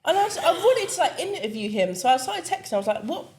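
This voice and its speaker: A woman's voice: sits high, very animated, fast talker, darkish tone. A young woman, telling a story to her podcast co-hosts in casual chat, acting out the voices in it and laughing often. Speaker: podcast guest.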